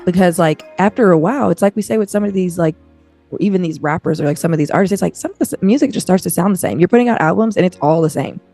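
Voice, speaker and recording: A woman from Kentucky co-hosting a podcast, telling stories in an animated, chatty way. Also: fairly low pitch, fast talker, no echo, faint music behind. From Kentucky, USA. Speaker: podcast co-host. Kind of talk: casual chat.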